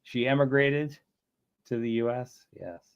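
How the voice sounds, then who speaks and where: A man's voice: medium pitch, fairly even intonation, measured pace, clear, resonant tone, lo-fi sound. A man hosting a casual livestream chat, telling rambling stories and laughing often. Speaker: streamer.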